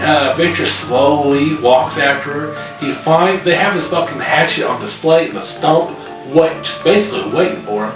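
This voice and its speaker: A man casually recapping a horror film's plot, profane and animated, with lots of fillers. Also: on the high side. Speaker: podcast co-host reviewing a horror film. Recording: very echoey room, far from mic, music behind.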